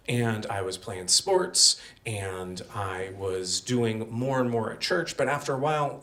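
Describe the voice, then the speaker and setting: A man's voice: lowish voice, fairly bright tone, distant mic. A young man telling a personal story on stage at a live storytelling show, casual and self-deprecating, with many fillers.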